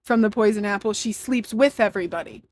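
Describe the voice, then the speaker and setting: A woman's voice: mid-range voice, fast talker, a little mellow, a little hiss or hum. A woman giving sarcastic, mocking voice-over commentary.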